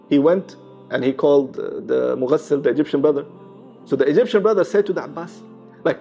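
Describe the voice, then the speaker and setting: A man with a fairly high voice recounts a religious true story. He talks casually, with plenty of fillers and Arabic expressions. The recording sounds a little muffled, with soft music in the background. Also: fast, vocal fry. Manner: conversational, many fillers and restarts, sprinkled with Arabic phrases. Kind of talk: casual storytelling with acted quotes. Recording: slightly muffled, faint music behind.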